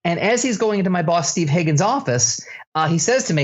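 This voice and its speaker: A middle-aged man hosting a podcast, telling an anecdote with animated energy and laughing as he tells it. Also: high-pitched, brisk, dull audio. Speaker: podcast co-host. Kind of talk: casual storytelling chat.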